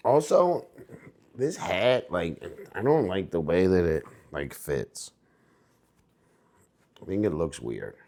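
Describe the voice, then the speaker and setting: A young American man chatting on a livestream in an easy, rambling way. He talks slowly and drawls, but his pitch swings widely when he gets hyped and goes sing-song. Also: sing-song, vocal fry, a little mellow. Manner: laid-back, rambling, jumps to hyped sing-song bits. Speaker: livestream host. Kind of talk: casual livestream chat.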